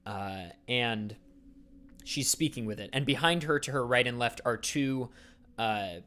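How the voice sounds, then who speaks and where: A man's voice: mid-range voice, unhurried, pushed and bright. A man narrating a tabletop game as dungeon master, describing scenes casually with lots of fillers.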